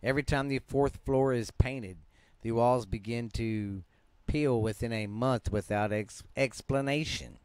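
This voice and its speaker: A man's voice: mid-range voice, measured pace, darkish tone, smooth, dry recording. A man with a Southern US accent, hosting a podcast and casually reading ghost stories aloud, often stumbling and restarting words in a laid-back, yawning way. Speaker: podcast host.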